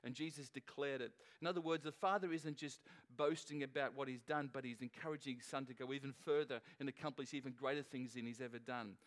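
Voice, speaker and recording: A man's voice: medium pitch, fairly even intonation, fast talker, hardly any pauses. Middle-aged guy preaching in church, chatty and jokey, keeps restarting his sentences. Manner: conversational and joking, with frequent restarts. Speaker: pastor. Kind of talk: sermon. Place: church service.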